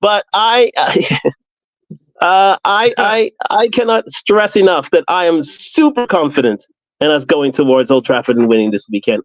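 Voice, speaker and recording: A man's voice: on the high side, dry recording, lo-fi sound. A man on a football podcast panel, talking in an emphatic, fired-up way and often repeating words. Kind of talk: casual chat.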